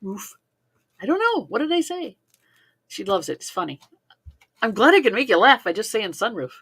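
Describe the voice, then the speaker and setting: Bright husky Midwestern American woman. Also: fairly high pitch, very animated, normal speed. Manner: playful, laughs a lot, repeats words for fun. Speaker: co-host. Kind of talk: casual chat.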